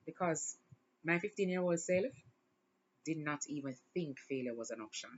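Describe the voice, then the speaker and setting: A woman's voice: sits low, animated, moderate pace, dull audio. A woman hosting her own show, talking in a casual, reflective monologue and smiling through emotion. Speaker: podcast host.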